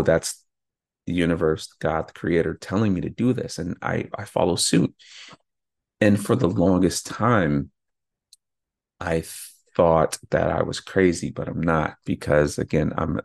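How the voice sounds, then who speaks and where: A man's voice: low-pitched, vocal fry, no echo, studio quality. A man hosting an unscripted solo podcast, talking in a casual, rambling way and often correcting himself mid-sentence. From California. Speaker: podcast host.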